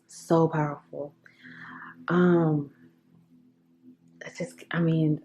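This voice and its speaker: A woman giving a channeled tarot reading in an earnest, emotional way, often dropping to soft whispers. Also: low-pitched, steady tone, extremely slow, pauses often, a little hiss or hum, low-quality recording. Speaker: tarot reader.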